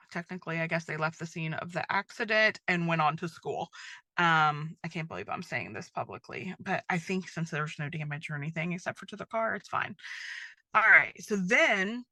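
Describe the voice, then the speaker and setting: A middle-aged woman hosts a faith podcast in a chatty, rambling way, full of "um" and "like." Her voice is bright and forward, recorded close and dry with no room sound. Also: lowish voice, no echo. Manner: chatty, many fillers like "um" and "like". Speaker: podcast host. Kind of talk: casual faith-based podcast monologue.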